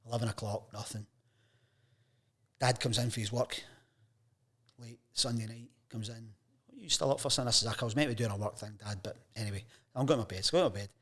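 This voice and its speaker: A Scottish man in his fifties tells stories from his working life at an ordinary pitch and a natural pace. He is a guest in a relaxed interview, and he slips into the voices of the people he quotes. The feel is animated and conversational. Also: fast. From Scotland. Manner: lively anecdotes, acts out quoted voices. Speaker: guest, sports journalist. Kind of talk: casual storytelling interview.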